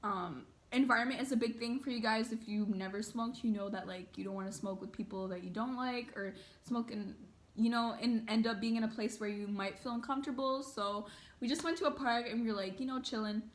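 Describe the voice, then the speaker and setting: A young woman with a somewhat high voice tells a story to her viewers in a loose, casual way. She rambles, leans on filler words and swears freely as she goes. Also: fairly even intonation, a little fast. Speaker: vlogger.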